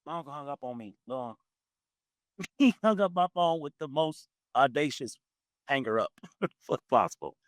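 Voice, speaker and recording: A man in his forties hosting a podcast, telling a personal story in a casual, animated way and laughing often. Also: moderate pace, long pauses, no echo. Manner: animated, acts out quoted voices with big pitch jumps. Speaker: podcast host.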